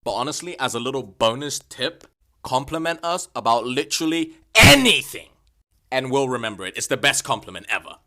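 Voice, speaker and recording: A young man vlogging comic rants, swearing constantly and bursting into exasperated shouts. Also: medium pitch, very animated, a little fast. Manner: profane, exasperated ranting with sudden shouts. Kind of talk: comedic rant vlog.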